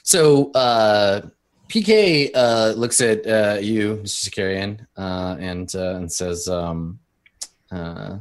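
Low-voiced man, a halting game master. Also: clean tone. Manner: halting narration full of ums and uhs. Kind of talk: narrating a tabletop game.

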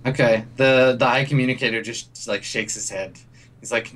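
A man's voice: mid-range voice, steady tone, moderate pace, a bit bright. A man narrating as game master, hesitant, with many ums and restarts.

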